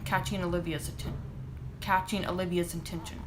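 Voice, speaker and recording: A woman's voice: on the low side, steady tone, slight background noise. A woman author reading a chapter of her own novel aloud, then chatting casually about it. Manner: brisk narration, chatty asides. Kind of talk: live reading and casual chat.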